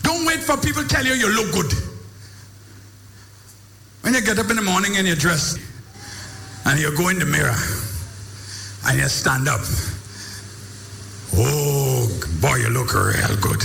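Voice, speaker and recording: A man giving an emphatic, preacher-like motivational speech, swinging between booming lines and low ones. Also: lively intonation, normal speed, gravelly, long pauses, sharp tone, echoey room, long reverb tail, faint music behind. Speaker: motivational speaker.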